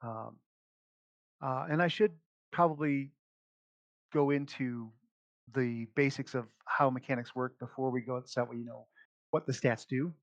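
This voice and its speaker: A man's voice: medium pitch, a little slow, pauses often, dry recording, muffled recording. A man acting as game master, casually explaining character creation and rules with lots of fillers and laughs. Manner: relaxed, chatty, many fillers, laughs often.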